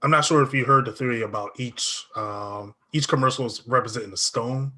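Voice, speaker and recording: Bright, husky man with a lively voice. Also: medium pitch, a little fast. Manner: easygoing, laughs often, brief agreements. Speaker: co-host. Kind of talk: casual podcast chat.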